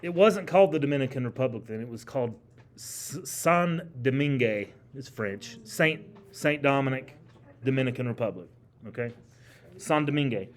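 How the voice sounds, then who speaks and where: A man's voice: mid-range voice, animated, a little fast, a little hiss or hum. A man teaching a history class in a classroom, talking casually and quizzing his students with questions. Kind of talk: classroom lecture.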